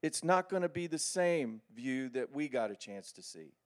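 A middle-aged man preaching a sermon with animated, folksy storytelling. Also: mid-range voice, moderate pace.

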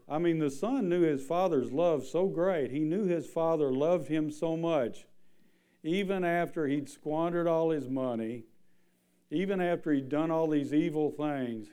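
A man's voice: a little high, mellow, clear, resonant tone. A man preaching a sermon, reading scripture and then building to an impassioned appeal. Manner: reads scripture, then preaches with rising intensity.

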